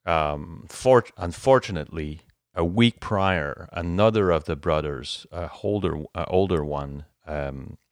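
A male interviewer with a very deep, smooth voice talks in a casual, hesitant way, leaning heavily on fillers. He is recorded dry and close, with little room sound. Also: a little slow, hardly any pauses, no echo. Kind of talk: casual conversation.

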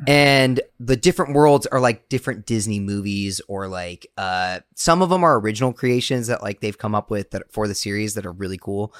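A young man co-hosting a podcast, chatting casually and excitedly, laughing often. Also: lowish voice, brisk, hardly any pauses, clean tone, dry recording, clean studio sound. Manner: animated, laughs often, breaks into game shouts. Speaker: podcast co-host. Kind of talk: casual chat.

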